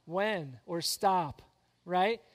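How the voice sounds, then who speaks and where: A man in his thirties preaching a sermon, animated and storytelling, swinging from soft reflection to loud excitement. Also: sits high, very slow. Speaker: pastor. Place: church sanctuary. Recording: long church hall reverb.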